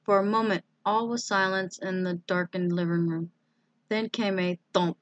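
A woman reading a children's book aloud, with slow, deliberate phrasing. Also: mid-range voice, fairly even intonation, no room sound, muffled recording. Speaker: storybook reader.

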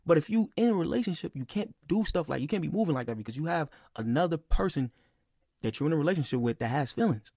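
A man's voice: on the high side, animated, fast talker, darkish tone, breathy edge, no room sound, clean studio sound. A young man telling a personal story in a casual, rambling and heated way, with lots of "bro" and "like.". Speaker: podcast speaker.

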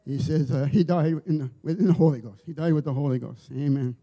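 A man giving an informal church sermon, telling stories in a halting way, often repeating and restarting his words. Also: on the high side, mellow. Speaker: lay preacher. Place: church service.

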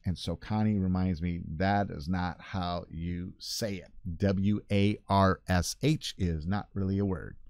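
An older man chats casually and rambles a little, correcting himself as he goes. His voice sits fairly low. The sound is dry, with no room echo. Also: warm tone. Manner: rambling, chatty, self-correcting. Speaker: pastor hosting a weekly video segment. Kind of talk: casual chat. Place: church office.

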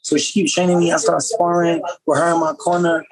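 A man from upstate New York, a professional boxer, telling stories as a podcast guest in a casual, slangy, animated way. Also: a little high, rough recording. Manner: fast, slangy, animated storytelling. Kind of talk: casual storytelling.

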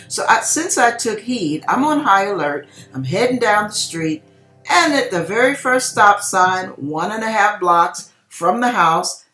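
Older woman telling a lively story. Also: on the high side, reverberant. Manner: animated, acts out voices in the story. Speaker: channel host telling a testimony. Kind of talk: personal storytelling.

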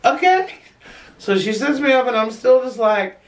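A woman's voice: a little high, normal speed, far from the mic. A woman vlogger spins a story to her viewers, laughing often and swearing without a filter. Her voice sits a little back from the mic. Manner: chatty and frank, laughing often, with blunt swearing. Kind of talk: casual storytelling to camera.

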